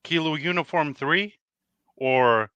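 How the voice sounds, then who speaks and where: A man's voice: a little high, takes it slowly, bright, forceful tone, clean tone, no room sound, highs cut off. A man co-hosting a casual chat, telling stories hesitantly with many fillers. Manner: hesitant, filler-heavy storytelling.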